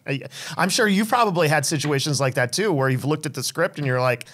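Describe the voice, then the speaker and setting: A man hosting a podcast, talking in a relaxed, affirming way. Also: fairly high pitch, brisk, few pauses. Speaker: podcast host. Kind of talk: conversational interview.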